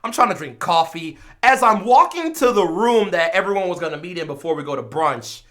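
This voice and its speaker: Animated man telling a story. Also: high-pitched, brisk. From Chicago. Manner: animated, swings between mumbling asides and loud exclaims. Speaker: streamer. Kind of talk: casual storytelling.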